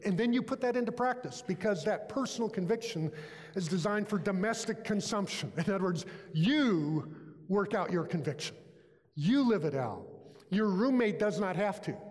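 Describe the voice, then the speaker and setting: A man preaching a chapel sermon, telling folksy animal stories with lively asides. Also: high voice, in a large hall. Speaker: chapel speaker.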